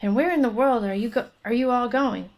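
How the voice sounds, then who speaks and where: A woman's voice: a little high, brisk, darkish tone, pitched above the performer's own voice, close to an everyday voice. A woman voicing a flustered, grateful rooster in a read-aloud folk tale.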